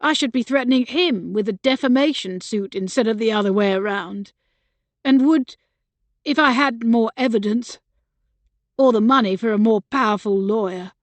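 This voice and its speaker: A woman reading an audiobook, putting on a troubled young brother full of resentment. He pushes his point hard and loudly, pitched a little high. The recording is dry and close. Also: normal speed, no room sound, natural voice. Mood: agitated. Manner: insistent, raising his voice. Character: bitter agitated young man, troubled brother. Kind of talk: audiobook character voice.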